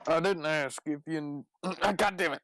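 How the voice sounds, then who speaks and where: A man voicing a gruff Southern adventurer with a drawling Southern US accent. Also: on the high side, moderate pace, a bit bright, no echo, lightly acted, rough recording. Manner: drawling, folksy. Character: gruff Southern adventurer with an alien egg pod.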